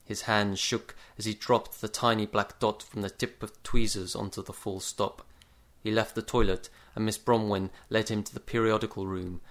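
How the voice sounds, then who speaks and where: A man narrating a comic short story in a dry, measured deadpan. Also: fairly low pitch. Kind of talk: story reading.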